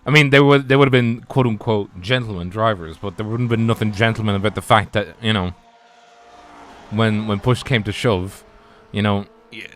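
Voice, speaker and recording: A man's voice: fairly low pitch, steady tone, moderate pace, a little hiss or hum. A man doing casual, rambling live sim racing commentary. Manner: rambling, chatty, lots of restarts. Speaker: race commentator.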